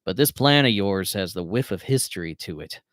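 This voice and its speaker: A cocky Southern airman in a slow drawl, as a man puts him on for a story reading. The voice sits low and the sound is dry and close, with no room around it. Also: expressive, fairly bright tone, dry recording. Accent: Southern US drawl, put on. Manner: slow laid-back drawl. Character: Southern Air Force controller, cocky, easygoing.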